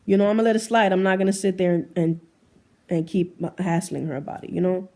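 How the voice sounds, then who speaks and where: A woman's voice: on the low side, fast, mellow. A young woman, telling a long story to camera in a casual, slangy way and quoting the people in it. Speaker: vlogger. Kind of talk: storytime monologue.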